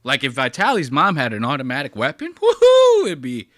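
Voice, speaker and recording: Crude, mocking male host, very bright lively voice, dry sound. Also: medium pitch, fast talker, no echo. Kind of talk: casual video commentary.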